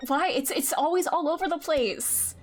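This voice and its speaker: A young woman streaming a game, chatting casually with her viewers in an excitable way, with lots of gasps and fillers. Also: sits high, normal speed, faint music behind. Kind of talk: casual live-stream chat.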